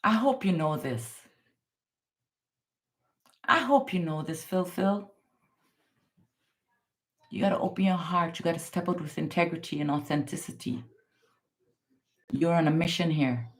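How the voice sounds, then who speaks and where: A woman's voice: measured pace, long pauses. Affectionate woman tarot reader, darling and baby. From Guyana. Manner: repeats the listener's name insistently; swings between excited high exclamations and low, hushed advice. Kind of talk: live tarot and numerology reading.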